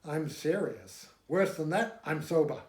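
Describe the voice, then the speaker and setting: A man's voice: on the high side, expressive, unhurried, darkish tone. A man voicing an eager, slightly odd English astronomer who talks in an earnest, insistent way. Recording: echoey room.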